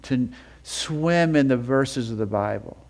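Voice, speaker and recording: Guy preaching a sermon, mid pitch, gets fired up repeating lines, slows down for the verses. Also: darkish tone. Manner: impassioned, builds with repeated phrases; reads scripture in a slower, lower voice. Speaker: Bible teacher. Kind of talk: sermon teaching.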